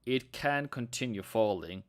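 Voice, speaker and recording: A man's voice: mid-range voice, expressive, unhurried. A man whose first language is Norwegian, chatting casually on a live trading stream and answering viewers' questions. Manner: chatty, reads chat aloud, sings snatches.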